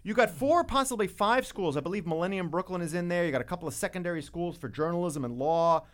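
High, lively joking talk-show host man. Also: fast talker. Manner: wisecracking, rambling, lots of restarts. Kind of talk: jokey talk-show banter.

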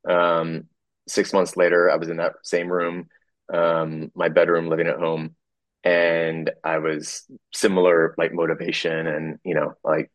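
A man telling a personal story in a halting way, full of fillers, restarts and small chuckles. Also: low-pitched, monotone, no room sound.

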